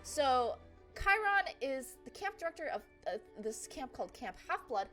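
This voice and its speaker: High-voiced young woman, rambling comic recap. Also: sing-song, a bit bright, faint music behind. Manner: rambling, profane, filler-heavy, fast asides. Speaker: presenter. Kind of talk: casual comic slideshow recap.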